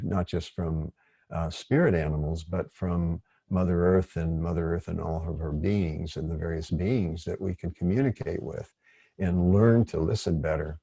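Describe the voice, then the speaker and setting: A man leading an online workshop, speaking in a gentle, rambling, digressive way. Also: sits low, gravelly, slightly rough, no echo. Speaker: workshop facilitator.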